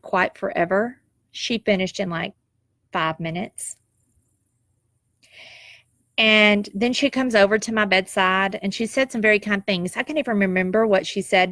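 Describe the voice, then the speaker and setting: A woman's voice: mid-range voice, fairly bright tone, no echo, clean studio sound. A woman, telling a personal story in an emotional, heartfelt and reflective way, tearful at times. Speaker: nurse sharing a personal story.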